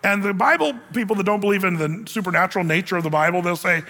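A man preaching a sermon as pastor, in a conversational, animated style with casual asides. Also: high voice, fast talker. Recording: long reverb of a large hall.

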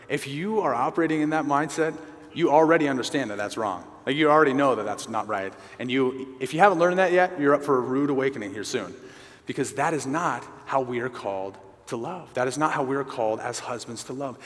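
A man's voice: medium pitch, normal speed. A man preaching a sermon to a men's group, earnest and conversational, repeating key phrases for emphasis. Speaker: pastor at a men's gathering. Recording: reverberant hall.

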